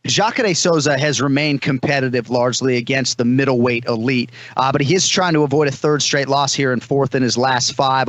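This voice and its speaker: Brief: male podcast host, Boston accent, brisk odds-and-stats delivery, mid-pitched. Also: fairly bright tone, no room sound. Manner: brisk, stat-heavy questioning. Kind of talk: fight preview, reading odds.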